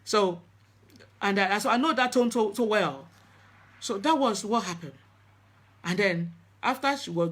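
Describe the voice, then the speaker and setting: Earnest middle-aged woman. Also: lowish voice. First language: Yoruba. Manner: earnest, halting, with many restarts. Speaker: spiritual practitioner. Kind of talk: personal storytelling talk.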